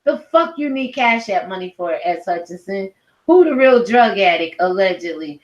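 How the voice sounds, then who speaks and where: A woman's voice: mid-range voice, expressive, normal speed, highs cut off. A middle-aged woman ranting at home in a blunt, profane, heated commentary video. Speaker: commentary vlogger. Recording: roomy echo.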